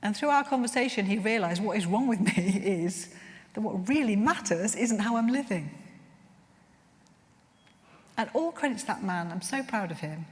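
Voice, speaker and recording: A woman's voice: mid-range voice, animated, moderate pace, pauses often. A woman leading a workshop at a chaplains' conference, telling stories in an earnest, heartfelt way. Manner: earnest, heartfelt, gently searching. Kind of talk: conference talk with storytelling. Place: conference room. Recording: long reverb in a large room.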